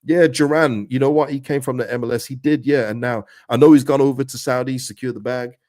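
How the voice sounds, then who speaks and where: A middle-aged man hosting a casual livestream, chatting to viewers in a lively way and often calling them "people". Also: mid-range voice, a little fast, no echo, clean studio sound. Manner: chatty, animated, repeats words and addresses viewers as "people". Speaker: host of a fan livestream reading chat.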